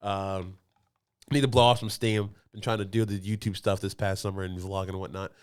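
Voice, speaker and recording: A lower-voiced man, chatting on a podcast. He rambles through his stories, restarts often and breaks into laughter. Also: level tone, normal speed, clear, resonant tone. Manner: rambling storytelling with frequent laughs. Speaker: podcast co-host. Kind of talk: casual chat. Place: podcast studio.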